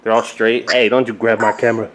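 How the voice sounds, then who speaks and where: A young father filming his toddlers at home on a handheld camera, chatting casually and jumping into a high sing-song voice when he plays with them. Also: little pitch movement, fast talker, over a noisy crowd. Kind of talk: casual family vlog. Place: family home, living room. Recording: noisy home camera audio.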